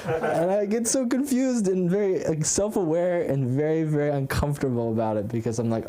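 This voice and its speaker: A man's voice: fairly high pitch, lively intonation, brisk, warm tone. Rambling young man doing stand-up. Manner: rambling, filler-heavy and self-deprecating. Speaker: stand-up comic. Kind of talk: stand-up set at an open mic. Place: comedy club stage.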